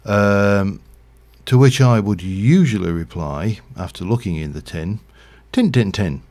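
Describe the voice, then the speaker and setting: Male streamer, slight Yorkshire accent, deep voice with a gravelly edge, loose casual commentary. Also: a little slow, darkish tone. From Yorkshire, England. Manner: rambling, chatty, self-correcting. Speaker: game streamer. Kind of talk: casual livestream gameplay commentary.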